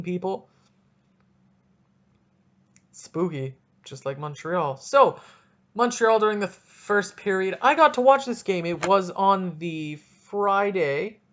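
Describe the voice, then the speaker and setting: A young man hosting a solo casual podcast, rambling and joking at himself in an animated way. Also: sits high, dull audio. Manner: rambling, jokey, animated, self-deprecating. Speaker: podcast host.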